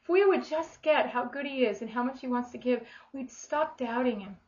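A middle-aged woman giving an informal sermon, lively and expressive, acting out the voices she quotes. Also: high-pitched, normal speed. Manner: animated, acts out quoted voices with big swings in loudness. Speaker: preacher. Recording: dull lo-fi recording.

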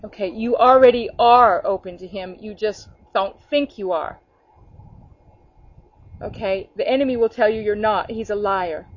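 This woman speaks a little slowly in a mid-range voice, with the highs cut off in the audio. Teaching a small prayer group by video call, she preaches earnestly and spontaneously, naming listeners and frequently asking "okay?".

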